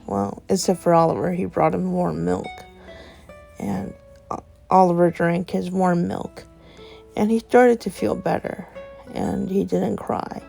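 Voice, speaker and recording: A woman's voice: on the low side, unhurried, vocal fry, warm tone, faint music behind. A woman narrating an improvised bedtime story in a meandering way, with fillers and self-corrections.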